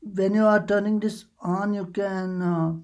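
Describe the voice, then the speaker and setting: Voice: mid-range voice, level tone, measured pace, a little mellow. A tutorial host casually walking through computer settings, hesitant and full of uh fillers and restarts. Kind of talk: casual screen-recording walkthrough.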